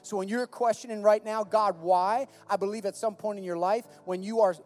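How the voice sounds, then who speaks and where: A man preaches a sermon in a high, light voice. He talks casually, with repeated words and quick acted-out quotes. Quiet music plays underneath. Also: steady tone. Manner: conversational, stammering restarts, acts out quoted voices. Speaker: pastor.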